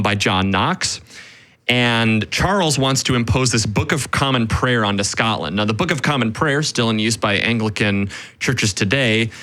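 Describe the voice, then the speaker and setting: A man co-hosting a casual history podcast, telling the story in an animated way with quick quoted asides and frequent "right?". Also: medium pitch. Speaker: podcast co-host.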